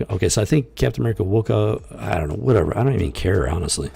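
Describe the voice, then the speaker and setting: Gravelly low-voiced man ranting sarcastically. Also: lively intonation, fast, mellow. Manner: sarcastic, exasperated, rambling with restarts. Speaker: host reviewing comics. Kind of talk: casual commentary reading comic dialogue aloud.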